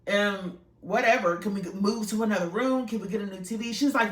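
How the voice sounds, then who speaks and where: A woman's voice: mid-range voice, a little fast, hardly any pauses, a bit bright. Young woman, storytime vlog, rambling, emotional, swears, roomy echo, distant mic. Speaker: vlogger telling a story.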